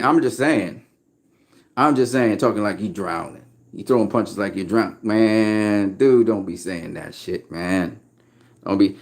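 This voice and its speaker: A man, a boxing trainer, giving his opinions in casual, emphatic talk, repeating his points bluntly and with profanity. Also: mid-range voice.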